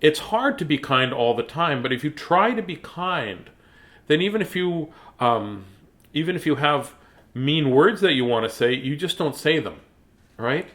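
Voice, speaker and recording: Earnest man talking gently to kids. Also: fairly high pitch, animated, moderate pace. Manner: gentle, earnest, speaks directly to children. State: choked up. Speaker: children's story reader and host. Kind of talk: reading aloud to kids, then heartfelt talk.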